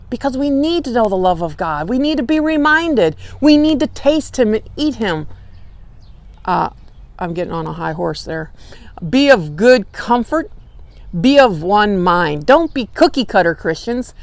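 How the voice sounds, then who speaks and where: A woman teaching a Bible study, lively and conversational, acting out quotes with emphatic bursts. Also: on the high side, dry recording. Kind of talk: lecture. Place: church meeting room.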